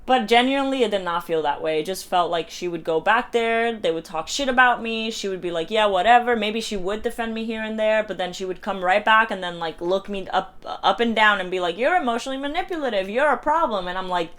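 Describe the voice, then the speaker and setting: A woman's voice: a little fast, hardly any pauses. A young woman in her twenties telling a personal story in a casual vlog, acting out quotes with big swings in voice and cursing freely. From New York. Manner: animated, acts out quotes with swings in pitch and loudness, curses freely. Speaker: vlogger.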